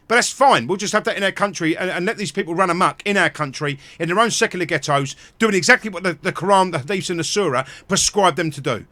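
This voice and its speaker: A man hosting a live stream, ranting angrily with heavy swearing and bursts of shouting. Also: high-pitched, no room sound. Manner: angry, profane, shouting in bursts. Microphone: close mic at home.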